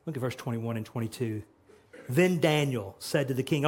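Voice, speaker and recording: A man's voice: mid-range voice, lively intonation, normal speed. A man preaching a sermon who retells scripture dramatically and acts out its dialogue. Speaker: pastor.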